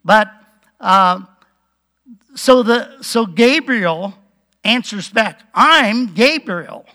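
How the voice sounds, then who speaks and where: A man preaching a relaxed Bible-teaching sermon, chuckling now and then and acting out the quotes. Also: sits high, very slow.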